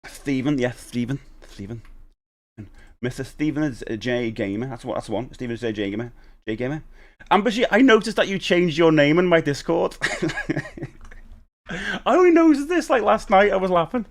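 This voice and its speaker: A man's voice: a little high, animated, moderate pace. A man chatting casually on a live stream, rambling and reading viewer comments aloud.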